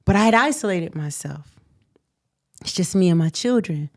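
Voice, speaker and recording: A woman in her thirties from the United States, candidly telling a personal story in a relaxed chat, quiet and reflective. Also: lowish voice, normal speed. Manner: animated retelling with acted quotes, then quiet and reflective. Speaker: guest.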